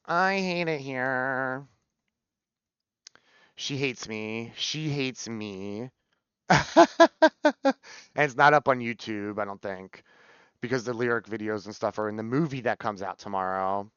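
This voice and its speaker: A man chatting on a live stream, excitable, swearing and repeating words in quick runs. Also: mid-range voice, clean tone, no room sound. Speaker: variety streamer. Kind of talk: casual live stream chat. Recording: dull lo-fi stream audio.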